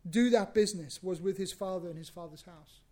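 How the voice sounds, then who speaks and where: A man preaching a sermon, lively and conversational, acting out bits of dialogue and repeating words as he goes. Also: high voice, brisk. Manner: animated, acts out biblical dialogue, repeats himself.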